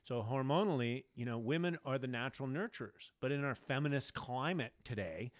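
A man's voice: mid-range voice, brisk, no echo, clean studio sound. A man speaking as a podcast guest and food activist, ranting fierily and swearing constantly. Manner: fiery, profane ranting. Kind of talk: casual podcast conversation.

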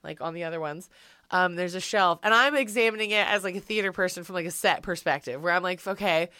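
Animated woman telling a story. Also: lowish voice, fast talker, clear, resonant tone, no room sound, studio quality. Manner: animated storytelling, swears, quotes people, laughs often. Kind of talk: casual chat.

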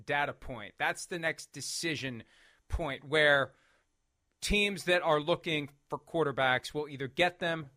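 Animated, emphatic male sports host. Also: fairly high pitch, unhurried, no room sound, studio quality. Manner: animated, emphatic, fires off rhetorical questions. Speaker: sports talk show host. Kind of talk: opinionated sports talk.

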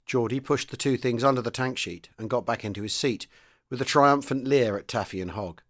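Man reading a novel aloud, steady. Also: mid-range voice, fairly quick. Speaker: reader. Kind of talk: audiobook-style novel reading.

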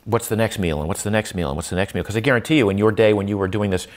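In rapid-fire speech with a fairly low pitch, an older man talks as an interview guest in a conversational exchange. He's reflective, frequently restarting and leaning on fillers, and he raises his voice to underline key points.

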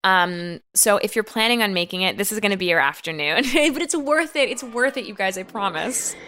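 A woman doing a perky cooking show host with a lively, bright, bouncing voice, all bubbly gush for her audience. The improvised sketch bit stays bright and animated throughout. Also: medium pitch, fairly quick, a little hiss or hum. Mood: chirpy. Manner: bubbly, gushing, narrates crowd reactions.

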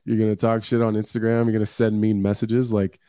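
A podcast co-host man who speaks bluntly and swears freely in loose, rambling chat. His voice sits low and mellow. The sound is dry and close, with no room around it. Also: little pitch movement, brisk, no room sound. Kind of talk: casual chat.

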